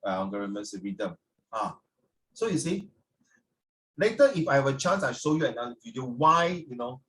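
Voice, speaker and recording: A man with a medium-pitched voice leads a class, teasing and lively in his coaching, and he keeps dropping into Mandarin phrases. He comes across as somewhat distant from the microphone.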